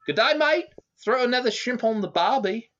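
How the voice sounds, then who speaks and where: A man's voice: lively intonation, moderate pace, fairly bright tone, dull audio. A man voicing a cheery male dragon in an exaggerated put-on Australian accent. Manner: exaggerated squeaky high voice.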